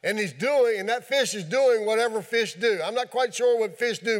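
A man preaching a sermon in a folksy, animated storytelling way, mixing scripture with homely fishing talk and playful sound effects. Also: high-pitched, normal speed, hardly any pauses. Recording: long hall reverb.

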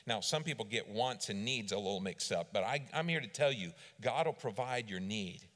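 A middle-aged man preaching a sermon as a church district superintendent, telling stories and swinging between loud emphasis and quiet asides. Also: fairly low pitch, moderate pace. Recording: long reverb of a large hall.

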